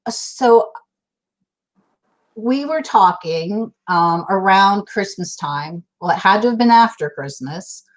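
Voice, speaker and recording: A woman's voice: mid-range voice, expressive, slow. Chatty woman hosting a live chat. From Massachusetts, USA. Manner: chatty, laughing, greets viewers by name. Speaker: host. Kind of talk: casual live-stream chat.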